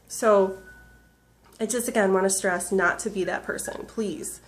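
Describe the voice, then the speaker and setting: A woman in her thirties, tearful, talking earnestly and haltingly in a personal video diary full of fillers. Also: mid-range voice, steady tone. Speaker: vlogger.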